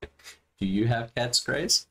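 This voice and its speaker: A man running a tabletop game as game master, describing scenes in a halting way over a voice call. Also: medium pitch, creaky, pushed and bright. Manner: halting, with many restarts and fillers.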